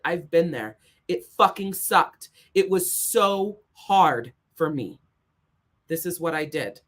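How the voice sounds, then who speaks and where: A woman life coach giving a blunt, emphatic motivational talk, swearing often and repeating points for emphasis. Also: on the low side. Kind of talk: motivational monologue.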